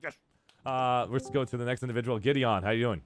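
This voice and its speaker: A man hosting a casual gaming live stream, upbeat and rambling and quick to laugh. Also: mid-range voice. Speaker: streamer host.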